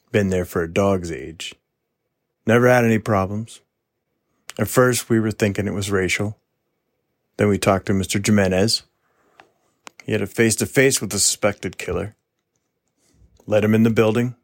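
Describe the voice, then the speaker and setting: Guy playing a gruff old-school cop, swears a lot, real low voice, dry close sound. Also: dry recording, lightly acted. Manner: blunt, profane, world-weary. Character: gruff, foul-mouthed veteran male police detective. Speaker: detective. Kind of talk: true-crime audio drama interview.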